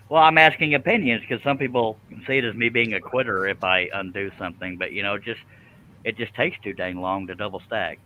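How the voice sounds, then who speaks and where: A man's voice: on the low side, normal speed, narrow, tinny audio, a little hiss or hum. A man hosting a live stream, chatting casually and joking while he works at a scroll saw. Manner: joking, folksy, laughs often. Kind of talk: casual chat while working.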